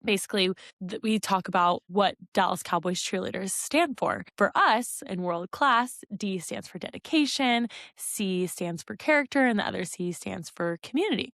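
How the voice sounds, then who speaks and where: A woman's voice: mid-range voice, moderate pace, no echo. Tell it like a chatty young woman, dry and close. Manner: animated storyteller, lots of "like". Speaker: podcast co-host and dance instructor. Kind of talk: casual chat.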